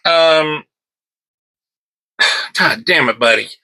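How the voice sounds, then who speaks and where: Casual bright-voiced man reviewing comics. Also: on the high side, very slow, creaky, rough recording. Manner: rambling and offhand, stops to scold his cat.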